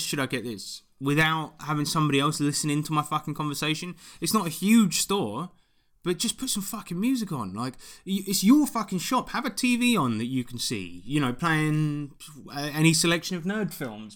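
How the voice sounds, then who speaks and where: A man's voice: a little high, a bit bright. A man, ranting animatedly and swearing often in a casual chat. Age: 20s.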